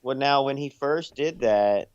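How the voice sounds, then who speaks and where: A man's voice: medium pitch, a little slow, no room sound, muffled recording. A man co-hosting a casual talk show, pushing his point and often asking "you know what I'm saying". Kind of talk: casual chat.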